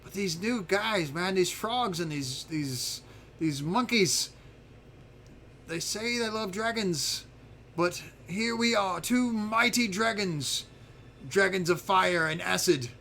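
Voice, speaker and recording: A man voicing a small boastful male dragon creature who rambles excitedly. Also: sits high, slow, a little hiss or hum, voice pushed up, full character voice. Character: boastful little male dragon, kobold-like, chatty.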